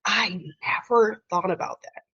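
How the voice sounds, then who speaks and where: Her voice sits in the mid range, steady and unhurried, a bit bright and husky. As a podcast guest in a candid interview, she speaks emotionally and performs the dialogue she quotes, captured in dry, muffled lo-fi audio without any room sound.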